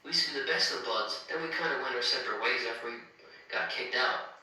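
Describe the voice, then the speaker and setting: A man's voice: mid-range voice, fast, sharp tone, distant mic. A man voicing a brash, mocking male ghost prankster in a fan-made storybook reading, from an echoey room.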